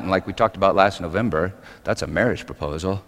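A man's voice: sits low, lively intonation, fairly quick, long reverb tail. A man preaching a sermon, telling a story earnestly and often restarting his sentences. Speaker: pastor.

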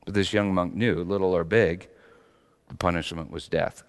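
A middle-aged man preaching a sermon dramatically, swinging between loud high peaks and quiet low passages. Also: fairly even intonation, normal speed. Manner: dramatic, with big rises in pitch and volume. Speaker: pastor. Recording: long hall reverb.

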